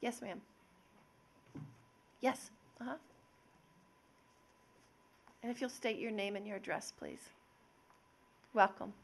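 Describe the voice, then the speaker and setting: A woman chairing a public hearing, polite and brisk as she calls speakers. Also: medium pitch, vocal fry, a little hiss or hum.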